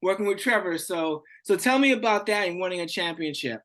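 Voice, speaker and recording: A man's voice: high-pitched, lively intonation, fairly quick, a bit bright. A man hosting a casual interview podcast, talking in a loose, enthusiastic way. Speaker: podcast host.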